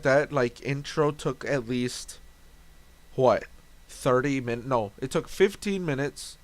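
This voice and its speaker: A man's voice: mid-range voice, no room sound. A young man casually recapping a tabletop game session, rambling, swearing and correcting himself. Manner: rambling, self-interrupting, swearing.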